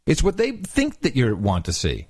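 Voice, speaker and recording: A man co-hosting a podcast in casual chat, animated and laughing often as he reads aloud. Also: medium pitch, moderate pace, breathy edge, no echo, studio quality. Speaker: podcast co-host.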